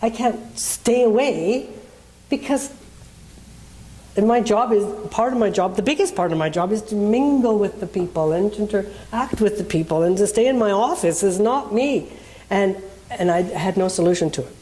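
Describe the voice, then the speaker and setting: A woman's voice: medium pitch, expressive, moderate pace, mellow. A woman minister preaching in a conversational way, telling a personal story and acting out the people in it.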